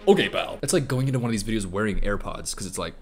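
A man's voice: lowish voice, expressive, racing. A man hosting a comedic reaction video, rambling with jokey asides over faint background music.

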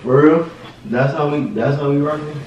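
A man's voice: fairly high pitch, normal speed, darkish tone, recorded from a distance, muffled recording, slight background noise. A young man in a casual vlog, teasing and pleading with his girlfriend and repeating himself over and over. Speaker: vlogger. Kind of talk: casual playful chat. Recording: echoey room, off-mic.

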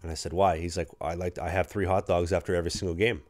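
A man's voice: deep voice, level tone, fast talker, darkish tone. A young man with a Canadian accent, a pro hockey rookie co-hosting a podcast, rambling through anecdotes and acting out his teammates. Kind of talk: casual storytelling chat.

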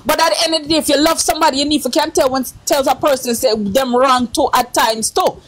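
A woman's voice: sits high, steady tone, quick pace. A woman in casual live-stream chat, talking earnestly and lecturing, repeating her points.

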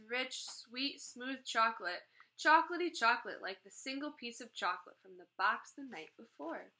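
A woman reading a children's chapter book aloud, gently voicing the characters as she goes. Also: a little high, poor audio. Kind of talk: read-aloud storytelling.

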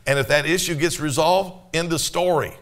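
Higher-pitched male pastor preaching conversationally. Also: moderate pace, a bit bright. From Canada. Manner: conversational preaching with rhetorical questions. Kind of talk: sermon. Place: church.

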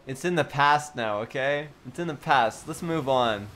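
A man's voice: mid-range voice, takes it slowly, a bit bright. A man with an Australian accent hosting a casual livestream chat with viewers, playful, giggly and teasing. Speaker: livestream host.

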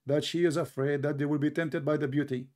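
A man's voice: on the high side, fairly even intonation, a little fast, a little mellow. Mocking, sarcastic man. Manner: mocking, sarcastic, talks over the other speaker. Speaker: debate host. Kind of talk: heated online debate.

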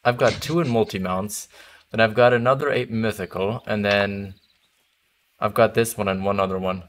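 A man's voice: fairly low pitch, fairly even intonation, moderate pace. A young man chatting casually while streaming a hunting game, laughing easily and trailing off mid-thought. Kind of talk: casual gaming chat.

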